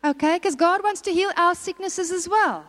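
A woman's voice: very high voice, normal speed, a bit bright. A woman preaching a sermon, exhorting and putting questions to the congregation. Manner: exhorting, asks the audience questions. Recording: long hall reverb.

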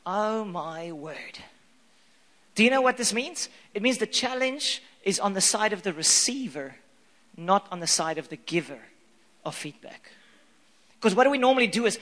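Bright-voiced preaching man in echoey hall. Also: very high-pitched, moderate pace. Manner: animated, playful, acts out scripture scenes. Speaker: pastor. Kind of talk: sermon.

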